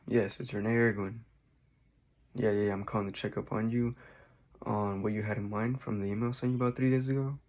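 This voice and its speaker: A man's voice: fairly low pitch, steady tone, brisk, a little mellow. A man making a scripted sales call to a prospect, delivering it in a subdued, meek way.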